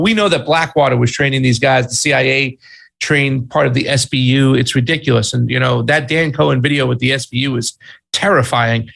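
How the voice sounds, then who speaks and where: Gravelly, exasperated man co-host. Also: medium pitch, a little fast, fairly bright tone. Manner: exasperated, blunt, slangy. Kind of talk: political commentary chat.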